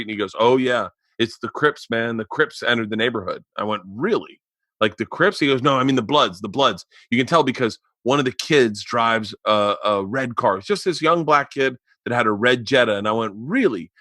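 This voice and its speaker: A man in his forties hosting a podcast, telling an animated story in casual chat with plenty of swearing. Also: mid-range voice, no echo, clean studio sound. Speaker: podcast host.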